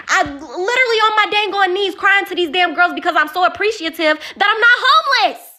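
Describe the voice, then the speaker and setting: Woman, very high bright voice, heated venting, repeats herself, caller on a live stream. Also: animated, fairly quick. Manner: heated, repeats phrases, rising to yelling. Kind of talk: emotional venting story.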